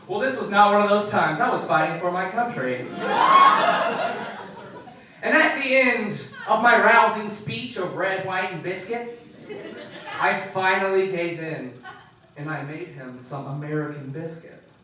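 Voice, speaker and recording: A young adult man doing a stand-up comedy set on a club stage, animated and building to mock-outraged shouts. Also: high-pitched, moderate pace, background noise. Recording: echoey club from far off.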